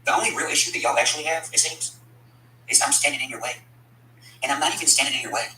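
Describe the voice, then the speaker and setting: A man's voice: mid-range voice, fast talker, pushed and bright, echoey room, slight background noise, rough recording. A man delivering a blunt, profane, combative rant at his critics, speaking as a country rapper. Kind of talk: angry profane rant to camera.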